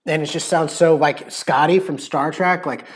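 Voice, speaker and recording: A slightly high-voiced American man talks loosely on a cooking livestream. His chat wanders, packed with fillers, and he drops into quick playful imitations of accents. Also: steady tone. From United States. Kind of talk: casual chat.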